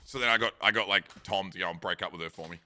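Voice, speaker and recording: Sharp-toned young Australian man. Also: sits low, racing. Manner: rambling, swears freely, joking banter. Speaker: streamer. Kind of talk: casual chat with friends on stream.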